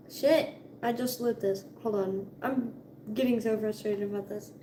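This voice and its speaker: A woman's voice: on the high side, fairly even intonation, unhurried, dark tone, slight background noise. A young woman in her twenties vlogging in a casual, chatty way, swearing freely and laughing often. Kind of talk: casual chat. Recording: echoey room with faint ambience.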